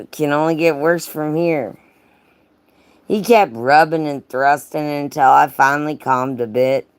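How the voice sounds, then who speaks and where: Her voice is low and smooth. As a livestream host she reads out a racy story and keeps interrupting it to needle her chat members by name with profane jokes and plenty of laughter.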